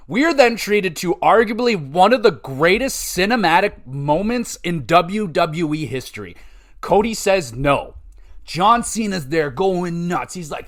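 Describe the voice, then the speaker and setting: Animated, excitable male podcast host. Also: sits high, a little slow. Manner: excitable, profane, animated storytelling. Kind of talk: casual chat.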